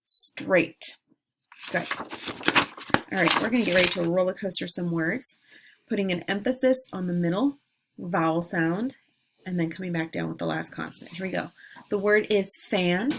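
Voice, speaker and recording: A woman teacher leading a phonics lesson, saying words and breaking them into sounds slowly and clearly. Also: lowish voice, background noise. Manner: slow, clearly segmented sounds. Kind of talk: phonemic awareness lesson.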